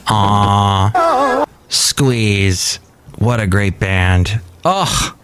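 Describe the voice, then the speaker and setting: A man's voice: on the low side, wildly swooping pitch, drawn-out words, a bit bright, clear, resonant tone, faint music behind. A man in his fifties hosting a casual podcast from a cafe, rambling and self-deprecating, thinking aloud as he goes. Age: 50s. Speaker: podcast host. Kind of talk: casual nostalgic podcast chat.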